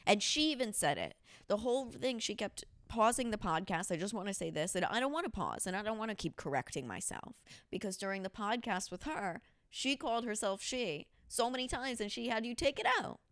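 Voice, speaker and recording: A woman's voice: mid-range voice, a little fast, hardly any pauses, no room sound. Woman on a podcast ranting, swears a lot, voice jumps all over, dry close sound. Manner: blunt, profane, animated storytelling. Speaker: podcast host. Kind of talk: casual podcast chat.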